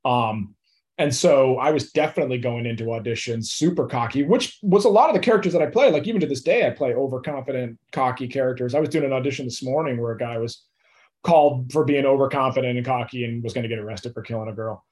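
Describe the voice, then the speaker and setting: A man's voice: medium pitch, fast talker, darkish tone. Man, young adult, actor guest, casual interview, laid-back, filler-heavy.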